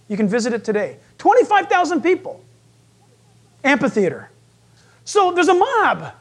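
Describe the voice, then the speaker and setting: Brief: a lively, joking pastor mid-sermon, his pitch leaping up and down constantly. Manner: animated, joking, acts out voices.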